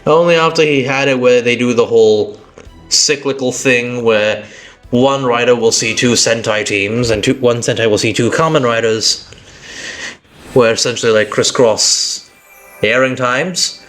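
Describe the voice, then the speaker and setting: A man's voice: mid-range voice, unhurried, fairly bright tone, faint music behind. Chatty, tired British man streaming. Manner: rambling, self-correcting, chatty. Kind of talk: casual live-stream chat.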